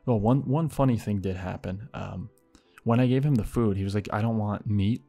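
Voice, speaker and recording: A man casually telling a story, swearing freely and acting out the people in it with sudden loud bursts. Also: on the low side, moderate pace, creaky, soft background music. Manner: animated, acts out quotes, heavy swearing.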